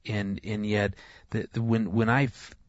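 A middle-aged man speaking as a guest in casual chat, earnest and halting with frequent restarts. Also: lowish voice, level tone, no room sound, highs cut off.

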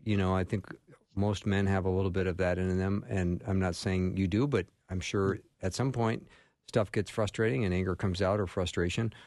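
A man hosting a talk show, asking long, measured questions. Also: low voice, fairly even intonation, a little mellow, dry recording, clean studio sound. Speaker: host. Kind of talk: radio talk show interview.

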